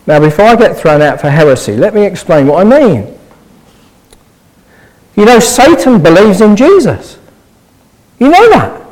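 Male preacher, earnest sermon delivery, high and very animated pitch, eager rhetorical questions. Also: moderate pace, long pauses, low-quality recording.

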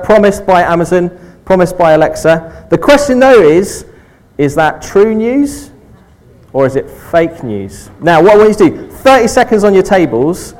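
A man's voice: high-pitched, darkish tone, poor audio. A man leading an informal all-age church talk, friendly and chatty, often checking in with "okay" and talking with children.

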